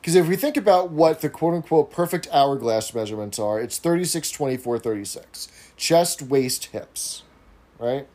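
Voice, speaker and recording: A man's voice: a little high, lively intonation, normal speed, warm tone. A man hosting a casual podcast, recapping an episode scene by scene. He adds asides and keeps checking in with a rhetorical "right?". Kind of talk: casual chat.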